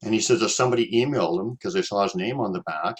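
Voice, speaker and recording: A man's voice: fairly low pitch, fast. A Canadian man hosting a casual chat, telling a personal story in a rambling way, with repeated words and many fillers.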